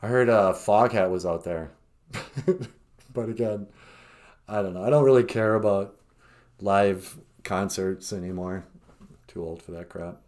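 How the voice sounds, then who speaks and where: A man's voice: on the low side, unhurried, pauses often, a little mellow. A man from northern Minnesota hosting a casual livestream, rambling and joking at his own expense. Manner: rambling, self-deprecating joking, full of fillers. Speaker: podcast host and cartoonist.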